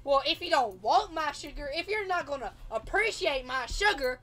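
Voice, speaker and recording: Pushy, sugar-obsessed young woman, played by a woman, high voice. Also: lively intonation, normal speed, fairly bright tone. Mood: insistent. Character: sweet-toothed young female patient, pushy.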